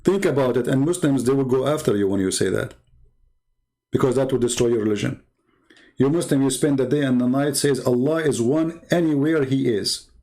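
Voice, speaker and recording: A man's voice: mid-range voice, fairly quick, mellow. A man with an Arabic accent hosting a live online debate, mocking his opponents with a string of rhetorical questions. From Arab world. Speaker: debate channel host.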